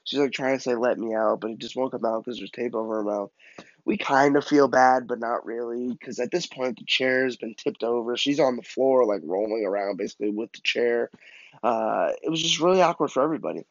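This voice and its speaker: A man casually telling a comic story about his childhood, in an animated, self-mocking way. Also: medium pitch, brisk, no echo, lo-fi sound.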